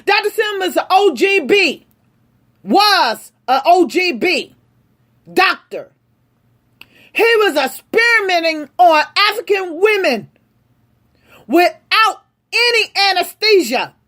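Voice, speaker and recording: A woman delivering an impassioned, angry rant straight to her audience, speaking forcefully. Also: extremely high pitch, sing-song, slow, long pauses. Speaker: vlogger. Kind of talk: impassioned direct-to-camera rant.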